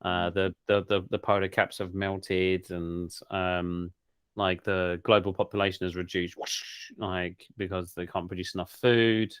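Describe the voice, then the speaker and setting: A man's voice: sits low, level tone, measured pace, a bit bright, smooth, no room sound, studio quality. A man co-hosting a podcast, rambling and joking in casual chat, often laughing. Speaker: podcast co-host.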